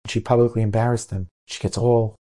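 A man, a rabbi, telling a story in an animated way and acting out the characters. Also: fairly low pitch, fairly quick. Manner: animated, acts out characters' voices. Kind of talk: storytelling talk.

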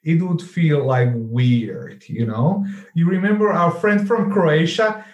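Man, Slovak accent, casual podcast chat, animated, many fillers, slightly high pitch, roomy echo. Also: takes it slowly, dull audio. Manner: animated, acts out quoted replies, many fillers.

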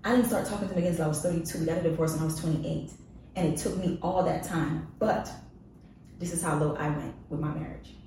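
A woman with a low, deep voice shares a personal story as a podcast guest, frank and confessional, leaning on emphatic repeats. She sits a little off the mic in a very echoey room with a faint hiss underneath. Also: steady tone, fast, warm tone, distant mic.

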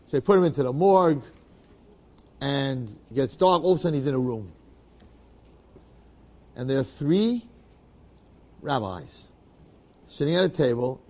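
Animated male storyteller. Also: medium pitch. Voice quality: bearded, uses Yiddish and Hebrew terms. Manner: lively, repetitive phrasing, dramatic asides.

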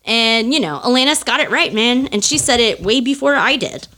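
Bright-voiced woman in casual podcast chat. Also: a little high, moderate pace. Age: 30s. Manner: animated, laughing, swearing freely. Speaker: podcast co-host.

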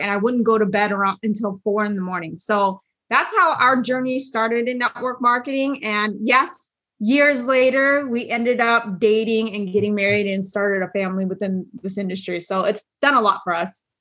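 A middle-aged woman telling how she started in business, speaking clearly and directly in a casual interview. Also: medium pitch, steady tone, normal speed, fairly bright tone. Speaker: guest, network marketer. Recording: dull, muffled sound.

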